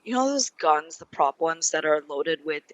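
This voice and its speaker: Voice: medium pitch, expressive, moderate pace, no echo, muffled recording. A player in a tabletop role-playing session, talking casually and playfully.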